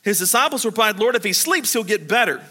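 A man preaching a sermon. He reads scripture and acts out the disciples and Martha in animated paraphrase. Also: high voice, quick pace. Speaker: pastor. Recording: long hall reverb.

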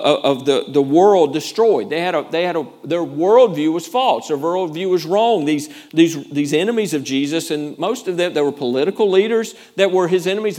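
A man's voice: on the high side, a little mellow. A male pastor preaching a sermon in an earnest, emphatic way, often repeating words as he goes.

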